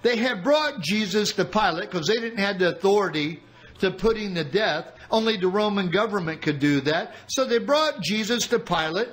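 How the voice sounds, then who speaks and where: A man preaching a sermon, reading scripture aloud and explaining it with dramatic pauses. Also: high-pitched, lively intonation, a bit bright, low-quality recording. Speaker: pastor.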